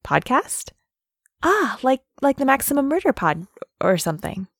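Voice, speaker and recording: A woman's voice: high-pitched, very animated, normal speed, a bit bright, no echo, studio quality, exaggerated voice. An actress playing a young woman neighbor who talks in an easygoing, friendly, casual way. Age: young adult. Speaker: dorm neighbor.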